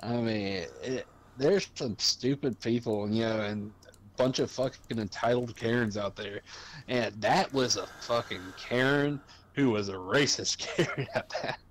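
Slow-talking man chatting with faint noise behind. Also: mid-range voice. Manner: relaxed, laughs along. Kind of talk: casual chat.

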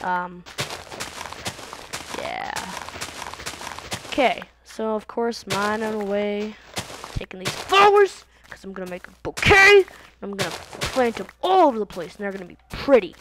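A woman's voice: medium pitch, lively intonation, a little slow, pauses often, background noise. A teenage girl chatting casually while playing a video game, rambling and jumping from topic to topic in a silly, offhand way, recorded on a computer mic. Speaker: gaming video host. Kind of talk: casual let's-play commentary. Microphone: computer mic, voice set low. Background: game sounds from the video game.

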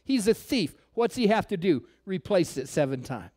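High-voiced preaching man, hushed to loud. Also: sing-song, moderate pace. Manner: preaches with sudden drops to near-whispers and rising calls; rhetorical questions to the congregation. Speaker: pastor. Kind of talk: sermon. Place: church.

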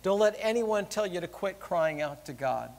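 A middle-aged pastor preaching a conversational, earnest sermon in a church. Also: male voice, high-pitched, lively intonation, moderate pace, creaky, long reverb tail. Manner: earnest, conversational, drops soft when pleading.

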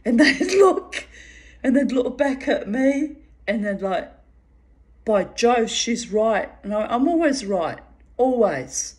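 A woman's voice: fairly high pitch, very animated, a little slow, darkish tone. A woman telling a personal story in a casual way, laughing often and swearing freely.

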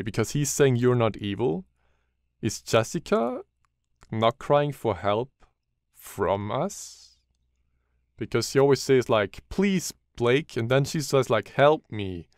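A man giving casual let's-play commentary on a horror game, with a deep voice, swearing often and talking to himself as he plays. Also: dry recording, studio quality. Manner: swearing, jumpy, talks to himself. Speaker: gaming YouTuber.

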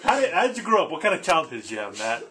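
A male radio host chatting casually and jumping in with quick reactions. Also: on the high side, very animated, background noise. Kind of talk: casual interview chat.

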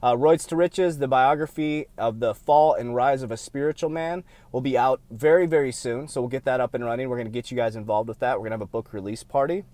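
A man, a motivational speaker and success coach, talking candidly to his viewers in an emphatic, repetitive way that swings from loud bursts to quiet admissions, short on sleep. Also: medium pitch, fast talker, few pauses, no echo.

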